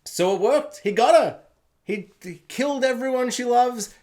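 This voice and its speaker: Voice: mid-range voice, normal speed. A film reviewer ranting through a spoiler recap, sarcastic and swearing freely. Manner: animated, sarcastic, swears freely, laughs often.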